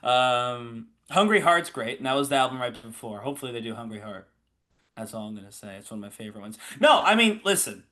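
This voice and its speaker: Bright-voiced man in casual podcast chat. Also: mid-range voice, quick pace. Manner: animated, laughs often, opinionated. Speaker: podcast co-host.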